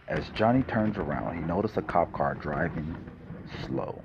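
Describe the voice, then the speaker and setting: Deep-voiced man telling a crime story. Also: expressive, normal speed, a little mellow, dull audio, faint music behind. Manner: casual, loose narration with slips. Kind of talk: amateur crime story narration.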